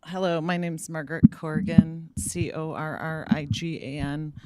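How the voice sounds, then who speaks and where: Low, smooth-voiced woman making firm points. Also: little pitch movement, normal speed, dark tone, dry recording. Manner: orderly, firm, reads from points. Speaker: resident giving public comment. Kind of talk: prepared public comment. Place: city council chamber.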